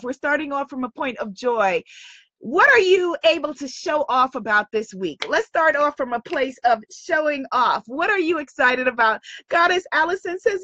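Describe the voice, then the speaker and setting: High-voiced woman running a spiritual live stream, gushing and affirming, dry close mic, kinda muffled. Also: a bit bright, no room sound. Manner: effusive and affirming, repeating words and phrases. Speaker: host of a live online goddess gathering. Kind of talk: spiritual live-stream talk, reading chat comments.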